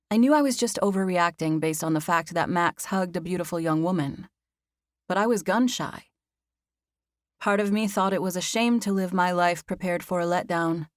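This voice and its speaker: A woman narrating a romance novel in the first person, in an even, intimate storytelling manner. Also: fairly low pitch, dry recording, clean studio sound. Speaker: audiobook narrator.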